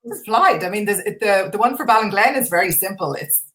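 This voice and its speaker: A woman's voice: medium pitch, lively intonation, fast talker, a bit bright. An Irish woman chatting casually as a guest on a live stream, enthusiastic and full of restarts. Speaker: guest artist.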